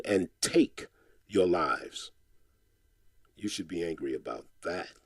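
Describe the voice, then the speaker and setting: A man's voice: on the low side, darkish tone, dry recording. A man reciting a spoken-word poem in a rhythmic, insistent, impassioned way, returning again and again to a refrain. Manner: impassioned, exhorting tone.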